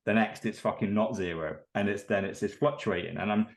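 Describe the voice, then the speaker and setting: A man hosting a casual podcast, telling stories in an animated way and swearing freely. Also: fairly low pitch, brisk, vocal fry. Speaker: podcast host.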